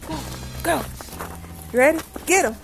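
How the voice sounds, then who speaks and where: Lively high-voiced mom filming outdoors. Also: female voice, moderate pace, gravelly, over music. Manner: playful, teasing, laughing often. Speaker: vlogger, mother. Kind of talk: casual family vlog filming. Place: outdoors in a snowy backyard.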